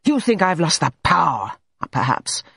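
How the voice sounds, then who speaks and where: A narrator voicing a quick-tempered young male painter who bursts out in sharp, exasperated speech. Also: fairly high pitch, sing-song, no echo, clean studio sound. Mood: defiant. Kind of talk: audiobook character reading.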